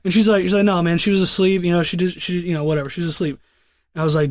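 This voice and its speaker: A man's voice: high voice, little pitch movement, very fast, no room sound, clean studio sound. A young man hosting a podcast, telling a long story in a casual, rambling way full of profanity and restarts. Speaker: podcast host.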